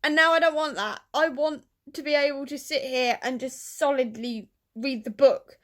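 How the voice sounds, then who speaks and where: A young woman, a book vlogger, chatting casually and gushing excitably about films and reading, with self-mocking asides. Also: high-pitched, moderate pace. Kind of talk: casual chat.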